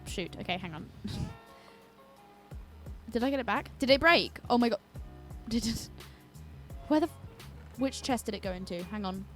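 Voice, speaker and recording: A young British woman chatting casually and rambling as she commentates her own gameplay, with giggles and cut-off swears. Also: a little high. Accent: British English. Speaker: gaming YouTuber. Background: her own song playing faintly.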